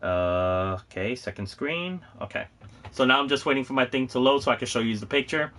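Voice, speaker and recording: A man hosting a casual livestream, rambling excitedly and often breaking into laughter. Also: mid-range voice, brisk. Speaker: host of a gaming and cosplay channel.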